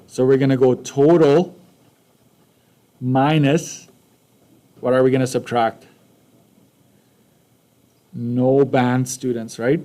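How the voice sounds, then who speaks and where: A man's voice: mid-range voice, mellow. A man with a Canadian accent teaching a math lesson casually, often checking in with "right?" and "okay?".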